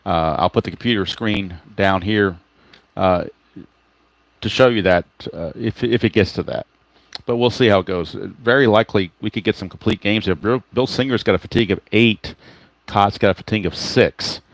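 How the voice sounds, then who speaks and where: A man's voice: fairly low pitch, normal speed, no echo, poor audio. A man calling a solo tabletop baseball game in a casual play-by-play style, chatty and self-correcting, muttering to himself while he hunts for cards.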